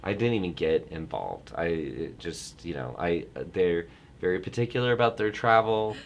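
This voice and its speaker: A middle-aged man in the travel business chatting casually, telling a rambling story with many restarts and animated bursts. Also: deep voice, moderate pace. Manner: rambling, self-interrupting storyteller who gets animated. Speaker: travel industry guest. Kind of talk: casual chat.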